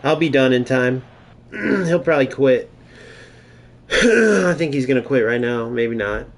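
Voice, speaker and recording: A young gaming streamer gives live, casual, profane commentary while playing a football video game and trash-talking his opponent. His voice is medium in pitch with lively intonation, and he takes his time.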